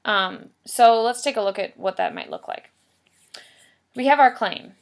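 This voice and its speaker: A woman teacher walks through a recorded writing lesson, explaining each step patiently and hammering home key points by repeating them. Her voice sits at a middle pitch with a gravelly fry at the edges. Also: huge pitch swings, a little slow. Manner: patient, explanatory, emphatic repetition.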